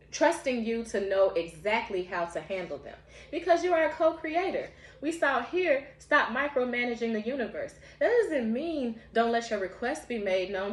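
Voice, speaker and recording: In a roomy-sounding recording, a woman with a somewhat high voice does a casual spiritual tarot reading. Her tone is heartfelt and encouraging, and she frequently laughs.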